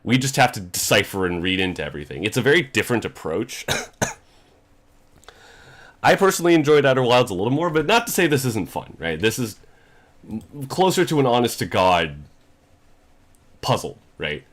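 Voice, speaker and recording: A man's voice: medium pitch, very animated, moderate pace, pauses often, fairly bright tone. A young man streaming a game, thinking aloud and muttering to himself as he works things out in casual commentary. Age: young adult.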